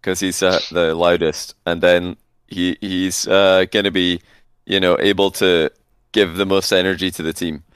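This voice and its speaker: A man with a very low, smooth and resonant voice, chatting casually as a podcast co-host. He jokes around and acts out little scenes, and the sound is dry and close. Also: flat delivery, measured pace, fairly bright tone, no room sound. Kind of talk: casual chat.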